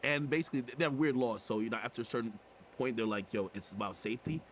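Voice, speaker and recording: Man, mid-pitched voice, podcast guest, animated indignant storytelling. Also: fast, slight background noise. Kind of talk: casual chat.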